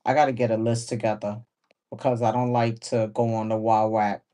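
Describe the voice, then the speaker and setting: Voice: medium pitch, darkish tone. A sewing livestream host chatting casually while working, laughing often and repeating phrases.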